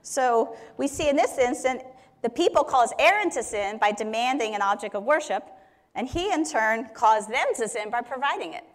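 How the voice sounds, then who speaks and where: A woman's voice: fairly high pitch, animated, moderate pace. A woman teaching on Scripture in a conversational way, explaining verses with everyday examples. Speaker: Bible teacher. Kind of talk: Bible teaching talk.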